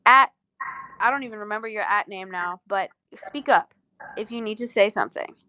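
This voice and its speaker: A woman's voice: medium pitch, moderate pace, sharp tone, no echo. A woman chatting casually on a livestream, groggy, rambling and giggly, swearing freely between songs. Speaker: singer on a livestream.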